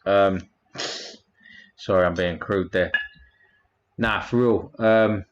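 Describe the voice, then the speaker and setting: Low-voiced guy rambling on his stream, swearing a bit, thanking chat, muffled lo-fi sound. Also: fairly even intonation, slow pace, long pauses. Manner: rambling, crude, reads out chat comments. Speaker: livestream host. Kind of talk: casual livestream chat.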